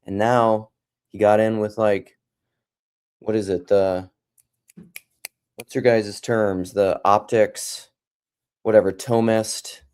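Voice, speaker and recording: A man's voice: fairly low pitch, steady tone, slow pace, long pauses, a little mellow, clean tone. Rambling, joking male live streamer. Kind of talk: casual livestream monologue. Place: home.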